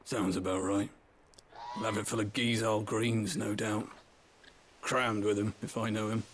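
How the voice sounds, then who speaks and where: A man's voice: lowish voice, little pitch movement, measured pace, a little hiss or hum, close to an everyday voice. A man voicing a chatty stable master. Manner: chatty, knowing, easygoing. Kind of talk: game dialogue.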